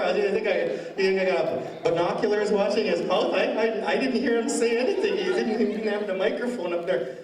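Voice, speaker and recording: Comedian guy rambling thru his set, laughs at his own jokes, kinda high voice, sounds far off in a roomy hall. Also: a little fast, crowd noise. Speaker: stand-up comedian. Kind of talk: stand-up comedy. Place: school hall with a live audience. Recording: roomy hall audio from a distance.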